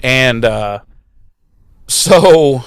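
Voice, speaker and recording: A man's voice: mid-range voice, lively intonation, extremely slow, clean tone, dry recording. A man co-hosting a podcast, retelling a TV episode in a rambling, laughing, profane way. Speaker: podcast co-host. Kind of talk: casual chat.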